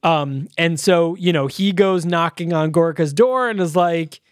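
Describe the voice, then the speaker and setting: Brief: male podcast co-host, fairly high voice, dry close sound, loose rambling film recap. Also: measured pace, clean tone, no echo. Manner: loose retelling full of uh and um fillers. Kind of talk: casual movie review chat.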